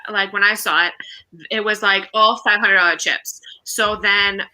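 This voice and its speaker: A woman co-hosting a casual podcast, speaking in a relaxed, hesitant way with fillers. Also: medium pitch, unhurried, rough recording. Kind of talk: casual chat.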